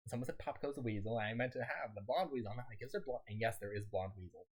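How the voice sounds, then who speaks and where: A game streamer talks fast to his viewers in a raised, slightly scratchy voice with a breathy edge. He rambles casually and laughs often.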